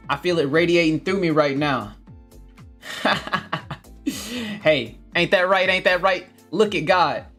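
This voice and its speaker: Hosting a laid-back gardening livestream, this fairly high-pitched man reads viewers' comments aloud in an energetic, upbeat way. He laughs a lot and refers to his audience as family.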